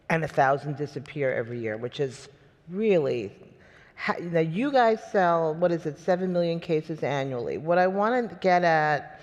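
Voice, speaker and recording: A man's voice: a little high, long reverb tail. A man interviewing a guest, asking long questions with many restarts. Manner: rambling, searching questions.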